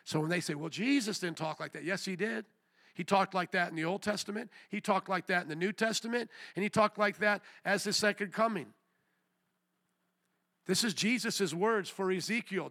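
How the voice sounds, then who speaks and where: A man preaching a fiery chapel sermon, shouting questions at the students and then dropping into quiet prayer. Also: high-pitched, moderate pace, gravelly, no echo, clean studio sound.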